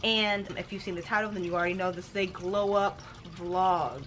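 A woman's voice: lowish voice, fairly even intonation, moderate pace, a bit bright, slight background noise. A woman hosting her own book vlog, chatting casually and playfully straight to her viewers. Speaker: booktuber vlogger.

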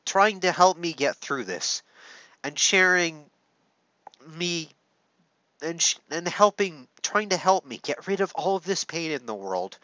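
A choked-up man speaks slowly and haltingly to camera, pausing often, cursing and restarting his sentences as emotion gets the better of him. His voice sits fairly high for a man. The recording is dry but dull and muffled. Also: pushed and bright, dry recording. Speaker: content creator. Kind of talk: heartfelt confessional talk to camera. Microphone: camera setup.

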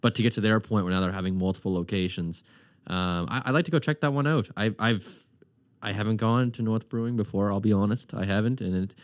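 Low-voiced man rambling on a podcast. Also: fairly quick, dry recording, clean studio sound. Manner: rambling, hesitant, many restarts. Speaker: podcast co-host. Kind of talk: casual chat.

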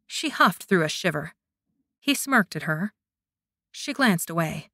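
A woman narrating a romance audiobook in an even storytelling manner. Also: fairly low pitch, a little slow, long pauses, no echo, studio quality. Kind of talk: scripted narration.

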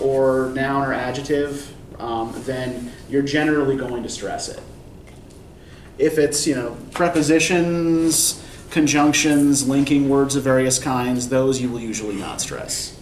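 A male college English instructor giving a classroom lecture, explaining step by step and checking in with "right?". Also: mid-range voice. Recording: echoey classroom from far off, faint noise.

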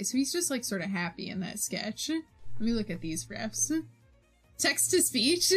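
A young woman streamer with a fairly high, bright voice chats casually with viewers as she draws. Bubbly and giggly, she often giggles and reads their messages aloud.

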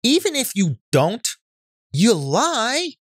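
A male podcast co-host in casual comedic chat, animated and swearing, often tagging "right?" onto his points. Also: extremely high pitch, slow pace, dry recording, studio quality.

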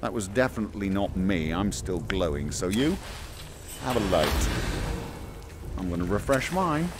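A man giving playful, excitable running commentary while playing a VR game, chatting to a companion through a headset mic. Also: low-pitched, normal speed, heavy background noise. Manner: excitable, jokey asides. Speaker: gaming streamer. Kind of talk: casual VR gameplay commentary.

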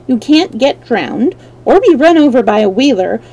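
A woman's voice: a little high, very animated, moderate pace, warm tone, slightly rough, heavily acted, poor audio. A woman voicing a kindly, cheerful scarecrow man who talks in a reassuring way.

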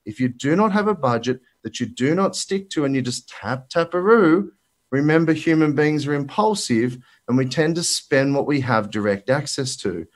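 Emphatic Australian man with a higher voice. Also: lively intonation, normal speed. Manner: emphatic, blunt, colloquial with mild swearing. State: slightly out of breath. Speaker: finance broker presenting at a summit. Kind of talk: energetic presentation talk. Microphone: presenter mic for a live virtual summit.

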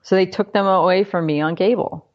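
A woman's voice: on the low side, fairly even intonation, fairly quick, highs cut off. A woman co-hosting a podcast, chatting casually and wryly about politics with sarcastic asides. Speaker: podcast co-host.

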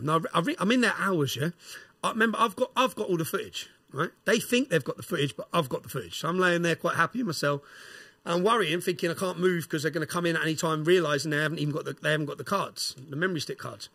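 A middle-aged man with an English accent tells his story at high speed, his voice husky and pitched high. He pushes each point hard and tags sentences with "yeah?". The sound is close and dry. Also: fast talker, sharp tone, no room sound. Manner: emphatic, fires "yeah?" tags at the listener. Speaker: podcast guest. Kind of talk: storytelling and ranting.

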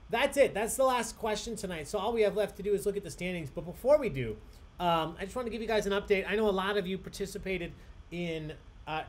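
A man's voice: fairly high pitch, slight background noise. A man hosting a live online trivia game, chatty and upbeat, reading each question twice with emphasis. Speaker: trivia host.

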